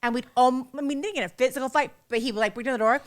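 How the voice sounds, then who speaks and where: A woman hosting a casual chat, playful and teasing with quick asides. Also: sits high. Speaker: host.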